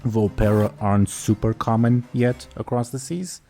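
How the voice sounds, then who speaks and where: A man's voice: on the low side, steady tone, moderate pace, mellow, faint music behind. A young man running a tabletop game as game master, rambling with hesitant fillers.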